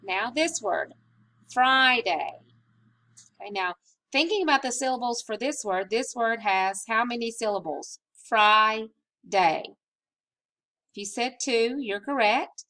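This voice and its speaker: A woman teaching a recorded spelling lesson, patient and slow, stretching out vowel sounds. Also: a little high, animated, sharp tone.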